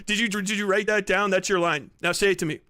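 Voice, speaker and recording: A man's voice: high-pitched, quick pace, bright, forceful tone, no echo. A man in his thirties on a stream, teasing and goading a younger guest with frequent laughter. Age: 30s. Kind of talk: mocking live-stream banter.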